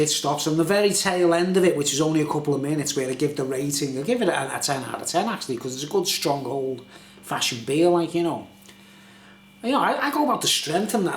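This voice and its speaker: A man's voice: fairly high pitch, reverberant, a little hiss or hum. A British man chatting in a rambling, casual way for his vlog, often asking "you know what I mean?". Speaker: YouTuber reviewing beer.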